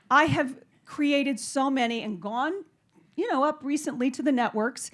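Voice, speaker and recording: A woman's voice: fairly high pitch, lively intonation, a little fast, fairly bright tone. Nervous rambling woman on a panel. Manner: rambling, nervous, many restarts. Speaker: panel speaker. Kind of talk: casual personal talk on stage.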